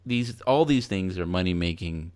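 A man's voice: low-pitched, expressive, normal speed, darkish tone. A man, co-hosting a podcast in rambling, self-mocking casual chat. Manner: rambling, loose and self-mocking, with playful put-on quotes. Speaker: podcast co-host.

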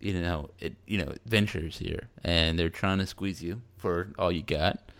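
A man, talking casually as a podcast co-host. His voice sits very low and has a gravelly texture. He rambles loosely and mocks himself along the way. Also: measured pace, a bit bright. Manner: rambling, loose and self-mocking, with playful put-on quotes. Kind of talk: casual chat.

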